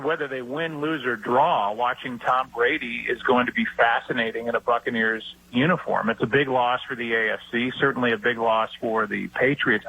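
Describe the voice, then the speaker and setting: A middle-aged man, a sports broadcaster, telling stories and giving his view in a relaxed talk-show interview. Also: mid-range voice, slightly rough, dull audio.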